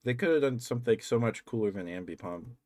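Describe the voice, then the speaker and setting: A man's voice: medium pitch, lively intonation, fast, a little mellow, no room sound. A man streaming, telling rambling stories in a casual, chatty way and breaking into laughs.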